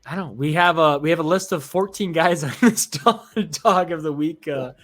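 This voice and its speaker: A man's voice: on the high side, moderate pace, fairly bright tone. A young man hosting a casual sports podcast chat, loose and laughing with lots of fillers. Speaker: podcast host.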